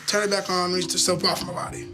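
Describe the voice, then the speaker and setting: Resigned man on a reality show, high voice. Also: level tone, fast. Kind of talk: reality TV interview. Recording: TV clip with music under it.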